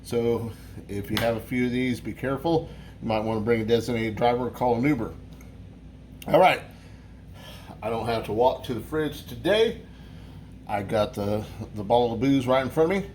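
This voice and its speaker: A man's voice: medium pitch, normal speed, pauses often, a little mellow, slight background noise. A man hosting a casual beer review vlog, rambling and swearing, with lots of restarts.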